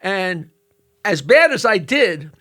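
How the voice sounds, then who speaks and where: Bright-voiced older comedian telling stories. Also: male voice, high voice. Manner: animated joke-telling with quick asides. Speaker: comedian guest. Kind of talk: casual storytelling chat.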